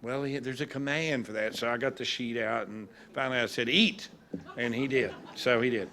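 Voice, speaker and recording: A man with a drawl and a gravelly edge to his voice, speaking at a graduation ceremony. He tells folksy, humorous stories at a middling pitch, like a judge at ease with a crowd. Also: steady tone, brisk, bright, forceful tone. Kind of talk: ceremony speech.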